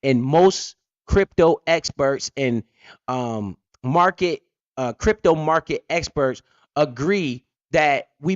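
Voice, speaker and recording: A man's voice: fairly high pitch, lively intonation, takes it slowly, no echo. A man hosting a crypto channel, giving blunt, profane, joking market commentary off the cuff. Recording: dull lo-fi dry audio.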